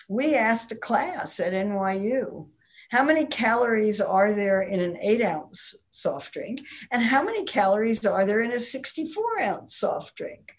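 An older woman speaking as a guest in a conversational interview. She explains her points with a wry, emphatic delivery, at a medium pitch. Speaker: nutrition professor interviewee.

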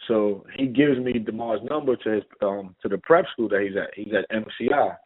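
A man's voice: fairly low pitch, a little fast. A middle-aged man with a New York accent, a guest telling stories in a casual interview and acting out the dialogue. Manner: animated, acts out dialogue in anecdotes. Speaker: guest, former basketball player. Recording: tinny phone-like line.

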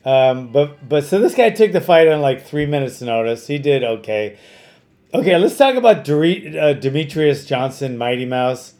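A middle-aged man hosting a podcast, telling stories in casual chat, animated and full of fillers and restarts. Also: mid-range voice, moderate pace.

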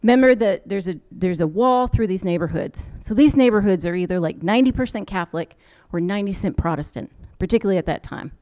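A woman's voice: mid-range voice, fast talker, hardly any pauses. An American woman, a social work professor, telling a travel story in a conversational lecture and acting out the people she quotes. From United States. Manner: conversational storyteller, quoting people in lively voices.

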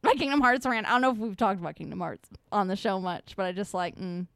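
A woman's voice: mid-range voice, fast talker, vocal fry, no room sound, clean studio sound. A woman co-hosting a podcast in casual chat, ranting with lots of swearing and laughter. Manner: profane, ranting, laughs often. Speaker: podcast co-host.

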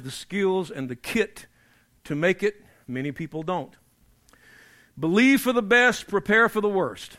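Emphatic preaching man, mid-high voice. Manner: emphatic preaching, repeats key phrases, drops to quiet for emphasis. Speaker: pastor. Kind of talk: sermon.

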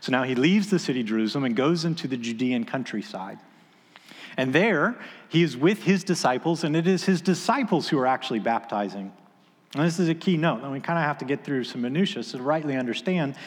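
A man's voice: medium pitch, animated, brisk. Man preaching in a reverberant hall. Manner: storytelling, conversational, with filler words. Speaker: pastor. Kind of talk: sermon.

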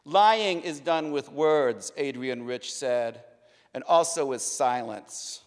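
A man hosting a public reading, reciting quotations in a dramatic, emphatic way into a stage microphone in a large public hall. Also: mid-range voice. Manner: declamatory, emphatic, measured delivery. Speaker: event host reading quotations. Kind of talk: dramatic spoken-word recitation. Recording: long reverb of a large hall.

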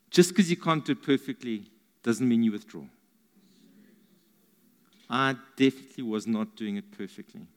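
A man's voice: mid-range voice, big-room sound. A man telling his side of a faith story, encouraging and a little self-deprecating. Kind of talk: personal faith testimony.

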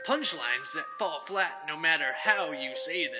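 A man's voice: animated, a little slow, few pauses, over music. Mock-earnest male ad announcer. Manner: mock-earnest pitchman delivery. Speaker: announcer in a parody ad. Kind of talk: comedic parody commercial voice-over.

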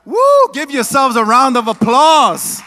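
High-voiced animated male preacher. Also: unhurried. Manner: animated, call-and-response with the congregation; casual, joking asides. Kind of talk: sermon. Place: church.

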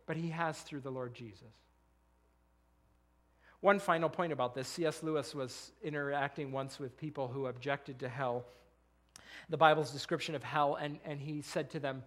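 High-voiced man preaching earnestly. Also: steady tone, normal speed, a bit bright. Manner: earnest preaching with repeated words and rhetorical questions. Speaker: pastor. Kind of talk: sermon.

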